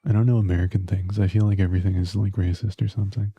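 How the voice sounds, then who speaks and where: Deep gravelly guy on a game stream, husky, trash-talking chat, dull lo-fi sound. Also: flat delivery, very fast, mellow, dry recording. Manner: crude, teasing banter with chat. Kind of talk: casual gaming stream chat.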